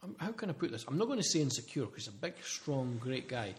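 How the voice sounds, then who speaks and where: A man with a Scottish accent, an actor guest telling casual, animated stories in an interview. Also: medium pitch, quick pace. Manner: animated storyteller, colloquial.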